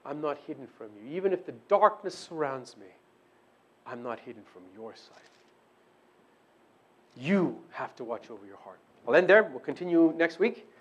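A man with a somewhat high, husky voice delivers a sermon and prayer. He is earnest, dropping to hushed, breathy prayer and then rising to emphatic declarations. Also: expressive, moderate pace. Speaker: pastor.

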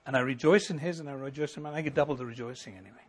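A middle-aged male pastor preaching a sermon, building to emphatic lines and then dropping to a quiet, intimate tone. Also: mid-range voice, very fast, slightly rough. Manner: preaching with rising emphasis and sudden soft drops.

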